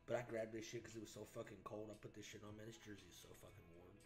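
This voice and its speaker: A man with a fairly low voice chats loosely on a home live stream. He's high on cannabis, laid-back and rambling, dropping curse words and clearing his throat as he goes. Faint music plays in the background. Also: steady tone, rapid-fire. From United States. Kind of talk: casual live-stream chat.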